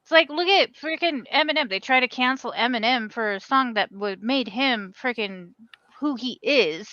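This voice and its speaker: A woman's voice: on the high side, moderate pace, pushed and bright, muffled recording. A mother co-hosting a casual chat, telling family anecdotes and laughing often. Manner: chatty, trails off, laughs often. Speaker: podcast co-host.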